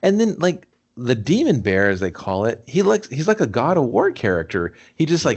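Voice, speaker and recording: Animated man ranting in disbelief. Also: medium pitch, normal speed, hardly any pauses, husky. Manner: incredulous ranting, profane. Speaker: podcast co-host. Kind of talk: casual movie review chat.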